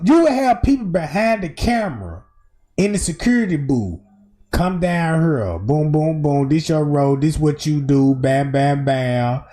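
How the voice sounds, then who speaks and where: Animated, slangy streamer commentary. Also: mid-range voice. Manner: animated, emphatic, slangy and profane. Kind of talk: casual commentary over video footage.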